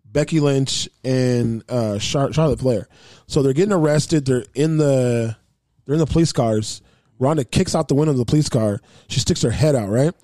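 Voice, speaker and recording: A young adult man in casual podcast chat, retelling scenes in an excitable, slangy way. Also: mid-range voice, no echo. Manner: excitable, loose slangy storytelling.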